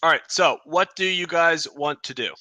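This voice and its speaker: Male game master, rambling narration, very bright tone, dry close sound. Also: a little high, normal speed, dry recording. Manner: loose and rambling, many ums and uhs.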